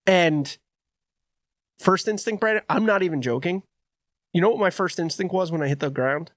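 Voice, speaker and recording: Animated young man telling a story. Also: sits high, moderate pace, no room sound, studio quality. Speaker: podcast co-host. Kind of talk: casual storytelling chat.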